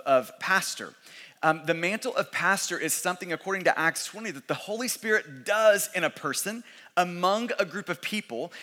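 Male pastor, conversational sermon, slightly high, bright and forceful voice, echoing church hall. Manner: conversational, repeats words, restarts. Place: church sanctuary. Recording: long church hall reverb.

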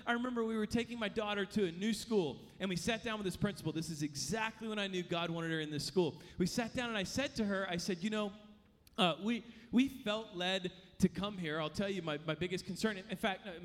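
A man in his thirties preaching a sermon with passion, swinging between loud bursts and hushed lines. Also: high voice. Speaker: pastor. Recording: long hall reverb.

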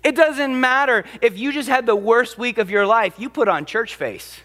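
A pastor preaches with dramatic emphasis and slips into the voices of the people he quotes. His voice sits very high for a man. The sound carries the long reverb of a large church hall. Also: normal speed, bright, forceful tone. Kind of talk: sermon. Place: church sanctuary.

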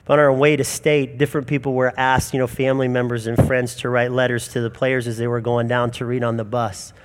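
A man's voice: mid-range voice, level tone, fairly quick. A man in his forties preaching a sermon in an earnest, emphatic storytelling manner. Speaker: pastor.

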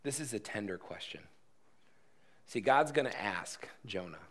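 Earnest lower-voiced man preaching. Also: lively intonation, unhurried, long pauses. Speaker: pastor. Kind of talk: sermon. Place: church.

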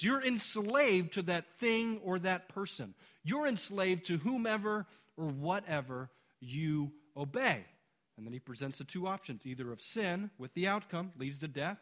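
Guy preaching a sermon, high bright voice, gets loud and emphatic on the big points. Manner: emphatic preaching, rising on key verses. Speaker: pastor. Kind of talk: expository sermon.

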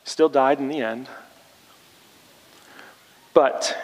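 A man's voice: steady tone, takes it slowly, long pauses, in a large hall, poor audio. A man pastor preaching a sermon, turning rallying and emphatic as he challenges the congregation. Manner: rallying, rising in pitch and force when challenging the congregation.

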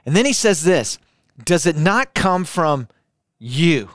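A man's voice: on the high side, big pitch swings, slow pace, dry recording, clean studio sound. A man preaching a sermon, emphatic and repetitive, firing rhetorical questions and asking listeners to repeat lines after him. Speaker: pastor.

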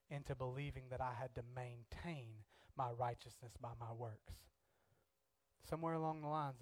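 A young man preaching, telling a personal story with animated bursts and quiet, reflective stretches. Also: medium pitch, no echo.

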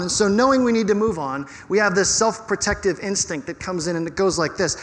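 A pastor preaching a sermon in an animated, conversational way with touches of humor. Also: male voice, sits high, a little fast, few pauses, big-room sound.

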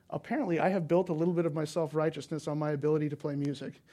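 A man's voice: a little high, little pitch movement, very fast, hardly any pauses, mellow. A man preaching a sermon in a conversational, emphatic way, telling personal stories. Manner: conversational, emphatic, rising to intensity.

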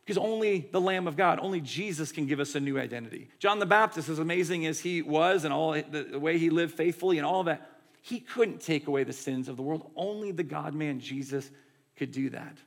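Gravelly-voiced man preaching conversationally. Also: on the high side, brisk. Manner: conversational, animated preaching with many "like" and "right". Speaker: pastor. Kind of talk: sermon.

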